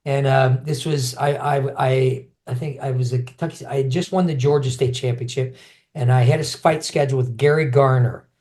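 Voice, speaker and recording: A middle-aged former kickboxing champ talks briskly in a mid-range voice during a laid-back interview. Animated as he tells his stories, he keeps restarting lines and acting out what other people said.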